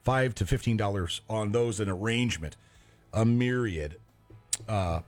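A man's voice: fairly low pitch, unhurried, soft background music. A man hosting a local call-in radio show, chatting casually and reading back phone numbers. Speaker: radio host.

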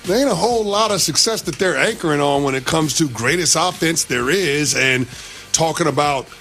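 A man's voice: fairly high pitch, moderate pace, bright, forceful tone, faint music behind. A man co-hosting a sports talk show, making emphatic, conversational points and also reading an ad.

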